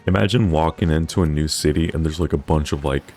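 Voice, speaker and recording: A man's voice: extremely low pitch, quick pace, a little mellow, faint music behind. A young man chatting casually over gameplay, rambling with lots of filler words. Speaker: gaming channel host.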